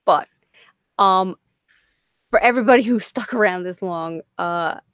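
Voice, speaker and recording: A woman's voice: medium pitch, a little slow, fairly bright tone, clean tone, no room sound, clean studio sound. Tired, profane woman hosting a late-night stream. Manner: profane, laughing, rambling. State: tired and loopy. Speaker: livestream host. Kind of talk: late-night casual livestream chat.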